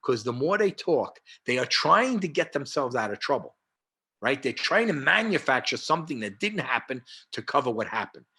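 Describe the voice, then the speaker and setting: A man's voice: mid-range voice, moderate pace, breathy edge. A man in his sixties with a New York accent, a guest telling rambling anecdotes full of fillers over a video call. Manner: rambling, many fillers and restarts, animated anecdotes. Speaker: martial arts historian guest. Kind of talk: casual storytelling interview.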